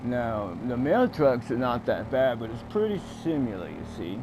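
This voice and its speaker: A man's voice: medium pitch, very animated, normal speed, background noise. A man playing a video game and telling a rambling, profane tall tale full of fillers. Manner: rambling, profane, fillers, acts out scenes loudly. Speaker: gaming streamer. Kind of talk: tall-tale comedic storytelling over gameplay. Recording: game music underneath. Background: game music.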